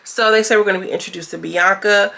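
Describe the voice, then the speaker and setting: A woman's voice: mid-range voice, fairly even intonation, fast talker, creaky, sharp tone. Chatty young woman recapping reality TV. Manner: chatty and candid, acts out cast members' lines, swears freely. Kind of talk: casual recap chat.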